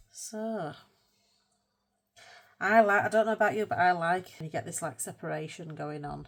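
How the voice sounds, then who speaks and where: A woman hosting a casual colour-with-me art video. She chats in a rambling, self-mocking way and murmurs softly to herself as she paints. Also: sits low, gravelly. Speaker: art channel host.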